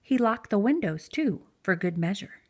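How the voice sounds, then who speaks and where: A woman reading a picture book aloud to young children, gentle and expressive. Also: mid-range voice, normal speed. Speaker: children's story reader. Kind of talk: read-aloud storytelling for preschoolers.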